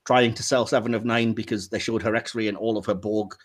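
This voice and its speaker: A man co-hosting a podcast in casual chat, animated and laughing often as he rants. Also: lowish voice, a little fast. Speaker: podcast co-host.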